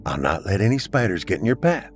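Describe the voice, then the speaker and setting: Gentle older grandmother put on by a man, quiet, soothing, storybook reading, faint music. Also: low voice, very animated, quick pace. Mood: reassuring. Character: gentle older grandmother, soft-spoken and reassuring.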